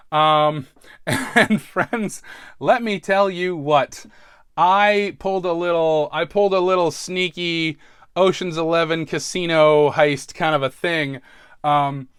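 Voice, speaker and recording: Male podcast host, smooth clear voice, nervous self-mocking ramble, dry booth sound. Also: a little high, a bit bright, no echo. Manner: self-deprecating, laughs often, trails off and restarts. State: stressed. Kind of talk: casual rambling monologue.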